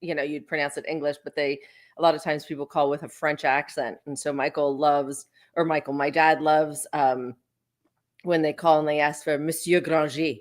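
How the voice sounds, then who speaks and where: A woman co-hosting a radio talk show, chatty and quick to laugh. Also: low voice, little pitch movement. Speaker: radio co-host. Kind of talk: casual radio chat.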